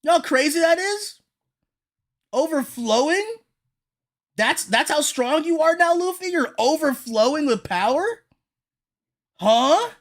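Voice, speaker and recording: Reacting live to a manga chapter, a high-pitched woman addresses her chat excitedly, sometimes breaking into frantic yelling. She speaks a little slowly and pauses often.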